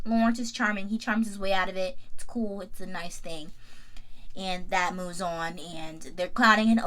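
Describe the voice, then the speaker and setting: A woman's voice: mid-range voice, bright, forceful tone. A woman in her twenties giving a casual, slangy TV recap and talking straight back to the characters. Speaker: YouTube TV recap host. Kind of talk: casual review chat.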